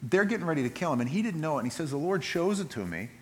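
A man preaching a sermon, animated, rising loud for emphasis and dropping quiet for scripture. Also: a little high, very fast. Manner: expressive, acts out voices in quotes, swings from loud emphasis to quiet reading.

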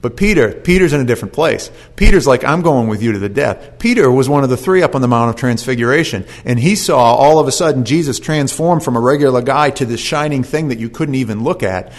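A man preaching a sermon, telling a scripture story in a folksy, animated way with casual asides. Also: mid-range voice, fast, few pauses.

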